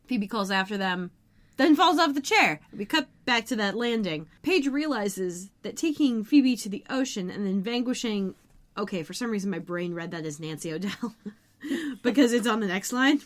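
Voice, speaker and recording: A woman's voice: mid-range voice, expressive, normal speed. A woman co-hosting a podcast, talking through an episode in a loose, chatty way. She rambles and trails off with fillers as she goes. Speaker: podcast co-host. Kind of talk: casual recap chat.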